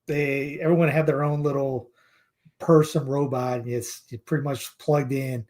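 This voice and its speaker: A man co-hosting a casual podcast, speaking haltingly, repeating himself while searching for words. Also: medium pitch, little pitch movement, darkish tone. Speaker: co-host.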